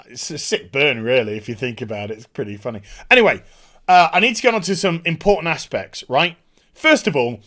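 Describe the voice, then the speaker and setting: Male TV reviewer, high animated voice, scornful casual rant. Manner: sarcastic, sweary, mocking. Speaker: YouTube TV reviewer.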